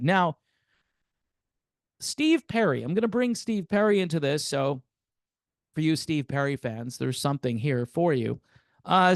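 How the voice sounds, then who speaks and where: A man's voice: on the high side, dry recording, clean studio sound. A man in his fifties hosting a music commentary channel, talking in a casual, wry and sarcastic way with theatrical asides.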